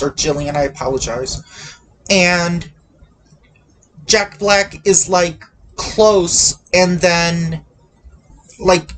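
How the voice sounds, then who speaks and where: A man hosting a casual movie chat, talking haltingly with many restarts and hedges. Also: sits high, a little hiss or hum. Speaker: podcast host.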